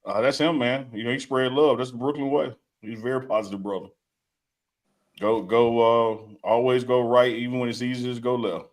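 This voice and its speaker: A man's voice: medium pitch, fairly even intonation, a little fast. A man co-hosting a casual live sports talk show, bantering, joking and reading a sponsor plug. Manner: joking banter, laughs often. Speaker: co-host.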